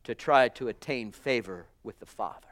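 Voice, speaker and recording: A man preaching a sermon to his church. He is fervent, moving between soft, hushed lines and loud, emphatic calls, and keeps addressing the congregation as brothers and sisters. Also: medium pitch, normal speed.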